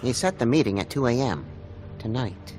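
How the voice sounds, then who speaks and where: An actor voicing a small, sheepish, hungover male winged monkey in a game, mumbling and squeaky. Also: lively intonation, normal speed, a little mellow, faint music behind, lightly acted.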